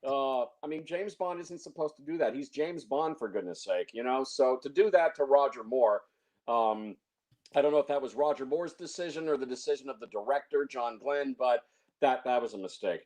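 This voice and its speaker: A man's voice: mid-range voice, normal speed, darkish tone. A man reviewing films in casual chat, opinionated, stumbling over restarts and fillers. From San Francisco Bay Area. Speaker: film reviewer.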